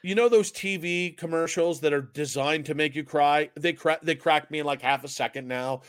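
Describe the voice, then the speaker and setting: A fairly high-voiced man co-hosts a sports podcast, chatting casually in a rambling, self-mocking way that often tips into giggling. The sound is dry and close, with almost no room around him. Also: moderate pace, fairly bright tone, no echo. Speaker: podcast co-host.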